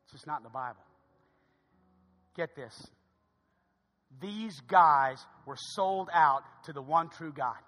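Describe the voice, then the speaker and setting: A man's voice: on the high side, slow pace, long pauses, fairly bright tone, faint music behind. A man preaching a sermon, telling a humorous story with emphatic delivery. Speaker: pastor. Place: church sanctuary. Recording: long reverb of a large hall.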